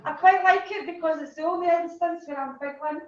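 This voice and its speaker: A woman's voice: extremely high pitch, a little fast, background noise. A Scottish woman hosting an awards event, chatty and getting choked up as she speaks. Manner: chatty, warm-hearted, gets choked up. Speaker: event host. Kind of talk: emotional award speech. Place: hot function room. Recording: echoey room, distant dull mic.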